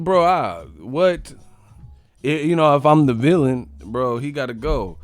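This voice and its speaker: Brief: male boxing stream host, loose slangy riffing to chat, average pitch, dry sound. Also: animated, measured pace, no echo, faint music behind. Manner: slangy, rambling, talks straight to chat; laughs often. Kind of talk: casual live-stream commentary.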